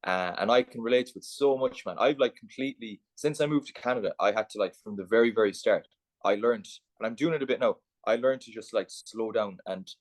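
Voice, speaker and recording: A man's voice: lowish voice, no room sound. An Irish man chatting as a podcast guest, rambling and full of "like". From Ireland. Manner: rapid, rambling, peppered with "like". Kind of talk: casual podcast chat.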